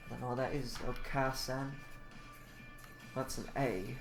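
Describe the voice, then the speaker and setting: A man's voice: mid-range voice, steady tone, a little slow, vocal fry, over music. A man reading pronunciation notes aloud and adding grumbling, casual asides about the spelling. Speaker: self-taught language learner. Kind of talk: reading aloud from a book with personal comments.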